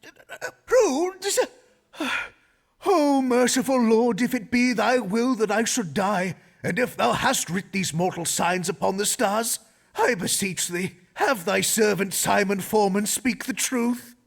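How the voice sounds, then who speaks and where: A man's voice: high voice, lively intonation, slow pace, gravelly, heavily acted. An actor playing a pious, ailing elderly man who prays in old-fashioned English for the truth about his death. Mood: fearful prayer. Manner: fearful, devout period-English pleading. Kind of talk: game voice acting.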